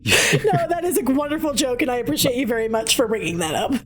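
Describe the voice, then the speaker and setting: A woman's voice: high voice, sing-song, quick pace. A woman playing in a tabletop game, chatting casually, laughing often and swearing freely. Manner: giggly, swears freely, jumps between player talk and character. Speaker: player.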